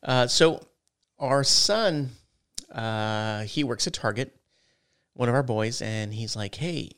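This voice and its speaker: A man's voice: medium pitch, takes it slowly, a bit bright, clear, resonant tone. A middle-aged father co-hosting a gaming podcast, rambling through stories and acting out little exchanges. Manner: rambling storyteller, acts out haggling with rising voice. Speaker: podcast co-host. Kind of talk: casual chat.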